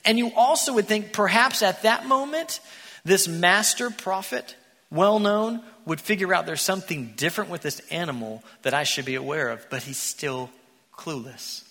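A man preaching a sermon in a church, an animated storyteller who acts out the characters. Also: high-pitched, normal speed. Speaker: pastor. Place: church sanctuary. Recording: echoey church hall.

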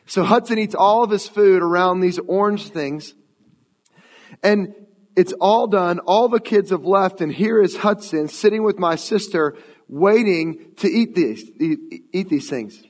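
A pastor in his late thirties preaches a sermon in a church sanctuary, telling stories conversationally. His voice sits high and is unhurried and a little mellow, with long church-hall reverb.

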